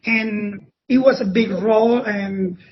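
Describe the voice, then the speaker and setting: Recounting stories in a conversational interview, a former ballet dancer from Cuba speaks Spanish with a Cuban accent, pausing and restarting phrases as a podcast guest. His voice sits high with fairly even intonation, and the recording sounds dull and lo-fi.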